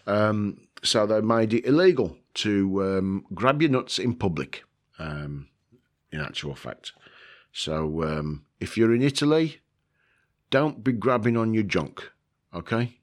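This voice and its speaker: His voice is on the low side and animated, and he takes his time. As the video's host, he rambles down a list in a casual way, peppered with ums, jokes at his own expense, and some swearing.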